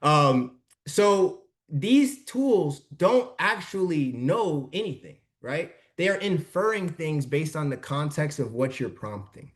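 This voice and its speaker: A man's voice: fairly high pitch, lively intonation, slow. Chatty young man teaching a workshop. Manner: chatty and informal, checks in with the audience often. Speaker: workshop presenter. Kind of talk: casual live workshop teaching. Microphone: video call.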